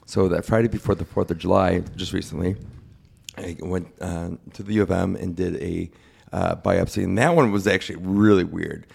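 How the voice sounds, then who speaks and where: A man's voice: low voice, steady tone, moderate pace, creaky, a little mellow, breathy edge. A young man speaking candidly and plainly in a casual interview, recounting his own experience. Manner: candid, plain-spoken, quotes others in his retelling. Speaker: guest sharing his cancer story.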